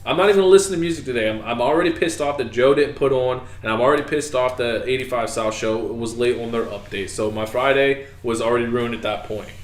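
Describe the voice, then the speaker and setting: Animated man telling a story in an echoey room. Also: mid-range voice, brisk, hardly any pauses. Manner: animated storytelling, acting out his own reactions. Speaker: podcast co-host. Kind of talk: casual podcast chat.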